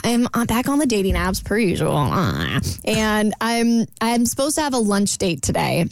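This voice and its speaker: A woman's voice: mid-range voice, sing-song, normal speed, dry recording. A woman co-host on a radio show, animatedly recounting a dating app exchange in casual chat.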